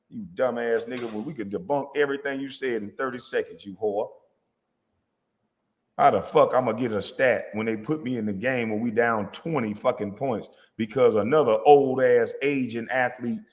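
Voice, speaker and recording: A man's voice: mid-range voice, a bit bright, long reverb tail. A man, a former basketball player, delivering a heated, profane, confrontational rant at a critic. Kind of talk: angry rant.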